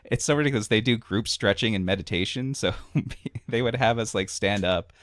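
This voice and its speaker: A man's voice: on the low side, normal speed, a bit bright, no room sound. A man on a podcast telling a long, rambling story in a casual chat, full of fillers and little laughs. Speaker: podcast co-host.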